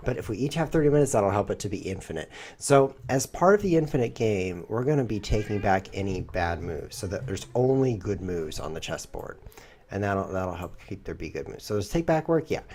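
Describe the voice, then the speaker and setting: A man's voice: fairly low pitch, lively intonation, fairly quick, darkish tone. A man streaming a chess game, thinking aloud in a playful, rambling way. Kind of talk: live chess commentary.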